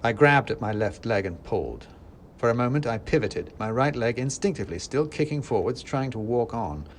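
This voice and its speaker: A man's voice: mid-range voice, normal speed, a little hiss or hum. A man narrating a scripted first-person story in a dry, wry manner. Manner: dry and wry, with lively acted quotes.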